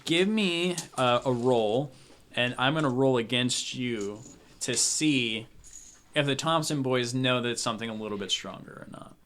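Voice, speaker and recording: A man's voice: medium pitch, moderate pace, fairly bright tone. A man running a tabletop game as game master, casual and laughing as he narrates.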